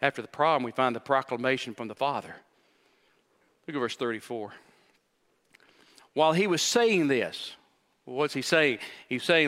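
A man's voice: fairly high pitch, moderate pace, pushed and bright, in a large hall. A man preaching a sermon as pastor, emphatic and repetitive, with rhetorical questions to the congregation.

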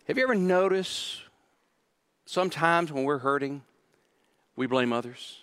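A male pastor preaching a sermon, emphatic and repeating key phrases, swinging from hushed to loud. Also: a little high, unhurried, pauses often, clear, resonant tone.

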